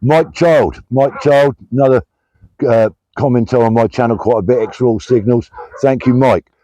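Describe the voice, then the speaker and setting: A man's voice: medium pitch, mellow, muffled recording. Chatty older British man vlogging outdoors. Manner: chatty, friendly, many pauses and restarts. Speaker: vlogger and army veteran. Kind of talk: casual vlog, reading out supporter names. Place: walking outdoors, pulled over at the roadside.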